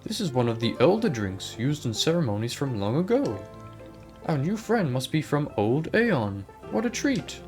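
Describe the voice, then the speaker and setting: A woman's voice: low voice, big pitch swings, normal speed, darkish tone, soft background music, pitched above the performer's own voice. A woman voicing a polite, formal male tea-shop helper who speaks of himself in the third person. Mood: fond. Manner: formal, refers to himself by name.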